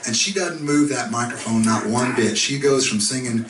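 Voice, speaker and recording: A man on a concert stage spins a funny story in an easygoing, chatty way. He chuckles through it, and his voice sounds distant in a reverberant room, with the audience clearly audible around him. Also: mid-range voice, normal speed, crowd noise. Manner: laid-back, conversational, chuckling through the story. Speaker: musician performing live. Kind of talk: humorous stage storytelling between songs. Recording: echoey live room, distant, audience noise. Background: live audience.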